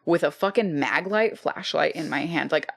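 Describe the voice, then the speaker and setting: A woman co-hosting a podcast, telling a story in casual, animated chat, swearing freely and acting out what people said. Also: deep voice, normal speed, vocal fry, no echo. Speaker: podcast co-host.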